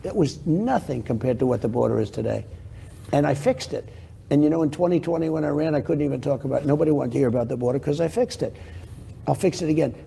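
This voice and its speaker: An older New York man, appearing as a guest in a television interview, gives rambling, boastful answers and keeps circling back to repeat his points. His voice is gravelly and very dark yet pitched slightly higher than most men's, and he talks fast. There's slight background noise.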